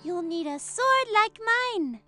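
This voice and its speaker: A woman's voice: extremely high pitch, big pitch swings, slow pace, music in the background, full character voice. Playful little girl. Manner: playful, mixes in Spanish words.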